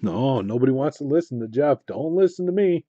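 Calling out pulls as he opens packs on a live card break, a man mutters under his breath and then gets loud and excited. He speaks fairly quickly; the recording is muffled and echo-free.

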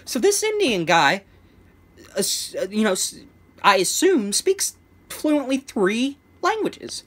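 A man's voice: very high voice, very animated, slow pace, fairly bright tone, slight background noise. A young man telling a casual storytime vlog, rambling with many restarts and stammers, chuckling between phrases. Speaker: vlogger.

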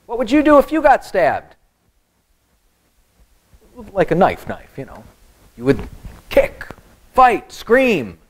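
Male pastor, animated Bible teacher with a lively, slightly high voice. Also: rough recording. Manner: animated, joking asides to the congregation. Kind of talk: Bible study sermon.

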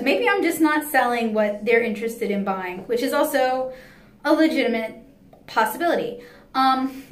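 Chatty high-voiced woman at a convention. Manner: chatty and candid, with frequent "um" fillers. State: tired. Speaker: comic artist vlogger. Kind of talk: casual convention recap vlog. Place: artist alley at an indoor anime convention. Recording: echoey hall with a faint crowd.

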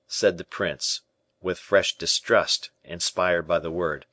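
A man narrating a classic novel as an audiobook, in an even, plain storytelling manner. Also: low voice, a little slow, dry recording. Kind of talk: scripted narration.

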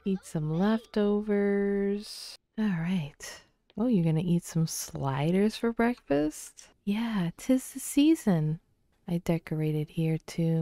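A woman giving casual commentary while playing a life-sim game, soft-spoken and often half-whispering, close to the mic. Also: fairly low pitch, no echo. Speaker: let's play creator.

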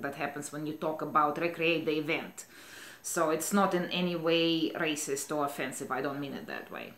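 A middle-aged woman with a Russian accent, a rideshare driver telling a story in an animated way and acting out the dialogue. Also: medium pitch. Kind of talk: storytelling vlog. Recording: roomy echo.

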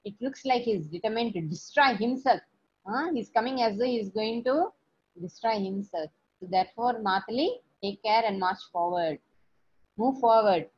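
A woman voicing a calm heroic male prince who gives polite, measured commands to his charioteer, on a dull lo-fi recording. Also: on the high side, breathy edge, no room sound. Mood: steady urging.

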